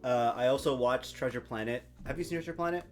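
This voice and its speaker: A man hosting a podcast, chatting casually and telling lively stories with playful voices for the people in them. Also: medium pitch, fast talker. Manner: animated storyteller, playful voices for quoted people, laughs easily. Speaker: podcast host. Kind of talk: casual chat.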